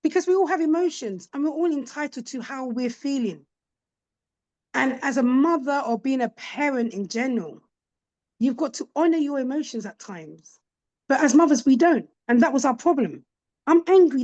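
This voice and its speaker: Middle-aged woman, podcast guest, candid and animated storyteller, fairly high voice. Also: normal speed, muffled recording. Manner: animated, acts out quoted voices of her children.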